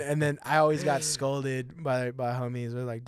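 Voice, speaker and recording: A man's voice: mid-range voice, fairly quick, few pauses, smooth. A man in his twenties, a podcast guest, telling stories in casual, profane chat and laughing often. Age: 20s. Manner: profane, laughing, animated storytelling. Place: podcast studio.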